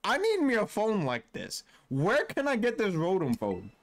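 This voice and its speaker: Lively young man. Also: sits high, moderate pace. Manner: casual, playful slang, voices characters in fun. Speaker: gaming YouTuber. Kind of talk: game commentary.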